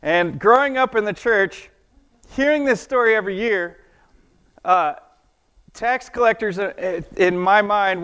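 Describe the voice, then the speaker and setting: A man's voice: high voice, measured pace, a bit bright, clean tone. A man giving a casual children's sermon, chatty and playful, often asking the kids questions and laughing at his own jokes. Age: adult. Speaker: children's church teacher. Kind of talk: children's sermon with object lesson.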